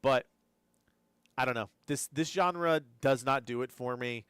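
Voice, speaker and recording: A man's voice: mid-range voice, measured pace, fairly bright tone, smooth, dry recording. Drowsy, rambling male streamer. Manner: rambling, repeats words while thinking aloud. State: drowsy, keeps yawning. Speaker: gaming news streamer. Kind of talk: live-stream reaction commentary.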